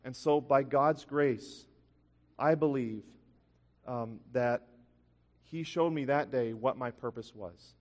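A man's voice: mid-range voice, takes it slowly, pauses often. A man preaching a sermon, telling a personal story earnestly, with frequent restarts. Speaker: pastor. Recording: long hall reverb.

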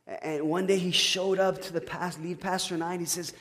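A man preaching a sermon, telling a personal story in a conversational way, with stammered restarts and swings from loud to hushed. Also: high-pitched, steady tone, brisk, big-room sound. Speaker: pastor.

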